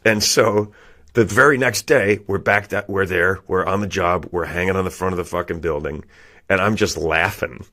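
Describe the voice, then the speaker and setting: Low-pitched man, casual profane storyteller, podcast guest. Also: normal speed, sharp tone.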